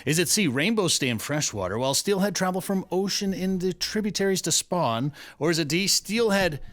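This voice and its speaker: A man's voice: high-pitched, expressive, brisk, a bit bright, no echo. A man hosting a radio show, chatting casually and running a trivia segment in a loose storytelling way.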